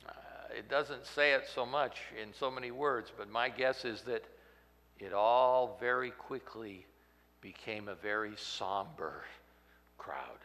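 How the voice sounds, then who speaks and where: A man preaching a sermon, swinging from loud outbursts to hushed, near-whispered lines. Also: medium pitch, takes it slowly, long reverb tail. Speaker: pastor.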